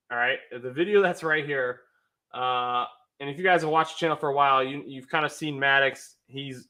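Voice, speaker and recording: A man's voice: fairly high pitch, a bit bright. A man in his thirties hosting a casual livestream, telling a rambling story, laughing often and greeting viewers in the chat. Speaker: livestream host.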